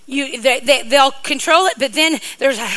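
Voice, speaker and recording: A woman's voice: high-pitched, normal speed, pushed and bright, rough recording. A middle-aged woman preacher giving a sermon, playful and joking, with rambling asides to her congregation.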